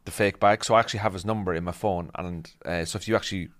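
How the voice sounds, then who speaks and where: A man's voice: low-pitched, racing. A man in casual podcast chat, telling slangy anecdotes. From Ireland. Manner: animated storyteller, slangy. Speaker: podcast host.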